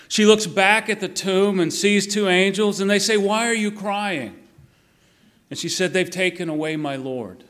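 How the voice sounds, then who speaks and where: A middle-aged man preaching an Easter sermon, with slow, emphatic repetition and quiet, falling line endings. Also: high voice.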